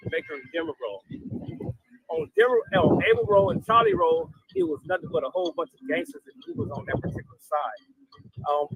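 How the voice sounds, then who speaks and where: Raspy gravelly man telling a story. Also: high-pitched, low-quality recording. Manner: rambling, animated retelling with quoted dialogue. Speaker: guest telling a jail story. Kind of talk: casual storytelling interview.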